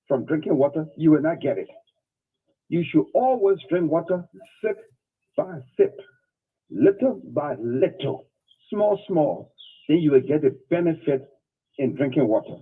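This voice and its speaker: A man giving a step-by-step health talk, repeating his points with emphasis. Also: fairly high pitch. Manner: repetitive, emphatic, step-by-step advice. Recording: phone line, husky and lo-fi.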